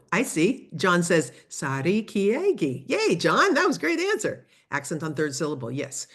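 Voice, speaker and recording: A woman teaching a lively online language lesson, coaching students through phrases over a video call. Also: low-pitched. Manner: lively, coaching, switches between English and Spanish phrases. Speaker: Spanish teacher.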